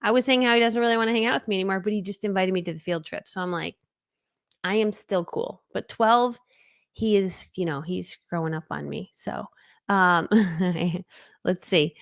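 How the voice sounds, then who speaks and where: A woman in her forties, a business coach, chatting excitedly and rambling through a casual live training from her home office. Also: mid-range voice, moderate pace, vocal fry, no echo, studio quality.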